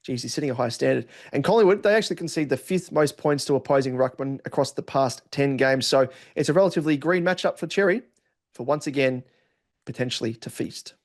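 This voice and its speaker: A man's voice: mid-range voice, a little fast. A man co-hosting a fantasy football podcast in a playful, jokey way, spinning running gags between his takes on players. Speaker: podcast co-host.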